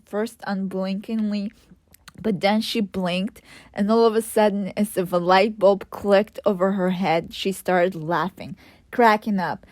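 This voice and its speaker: A woman's voice: medium pitch, darkish tone, dry recording, studio quality. A woman reading her own memoir aloud, with sarcastic, ranting asides to the reader. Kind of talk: audiobook narration.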